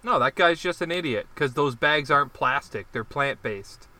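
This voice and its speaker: A man's voice: on the high side, animated, normal speed, sharp tone, dry recording. A man chatting with friends, laughing often and arguing his point with plenty of swearing. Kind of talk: casual profane chat.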